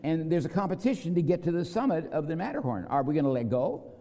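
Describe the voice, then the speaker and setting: A man preaching in a big hall where his voice rings out with a long echo. His tone is mellow and dark, and his pitch rises and falls a lot as he tells a story and plays the people in it. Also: fast talker. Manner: storytelling with acted quotes, lively pitch swings. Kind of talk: sermon.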